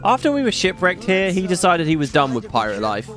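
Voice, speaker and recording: A man's voice: high voice, huge pitch swings, a little fast, a bit bright, soft background music, heavily acted. A man reading as a dry pirate crewman. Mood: matter-of-fact. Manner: reading a role aloud, casual.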